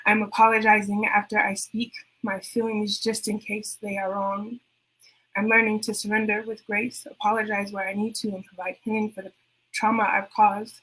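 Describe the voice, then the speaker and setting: A woman performing her spoken word poems at an online open mic over a video call, reciting softly and deliberately. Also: medium pitch, level tone, breathy edge, low-quality recording. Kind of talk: spoken word poetry reading.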